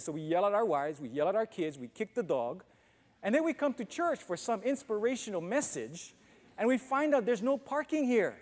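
A pastor with a notably high voice preaches to his congregation in a conversational way, often turning to them with questions. His voice rings out with a long reverb from the church auditorium around him. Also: big pitch swings, fairly quick. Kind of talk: sermon.

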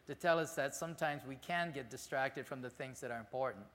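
A man pastor giving a conversational, animated sermon in a church sanctuary. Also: medium pitch, brisk, in a large hall.

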